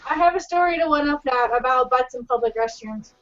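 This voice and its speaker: A woman co-hosting a casual podcast tells a crude story, animated and quick to laugh. Her voice sits high, and the recording sounds dull and lo-fi. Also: crowd noise. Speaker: podcast co-host.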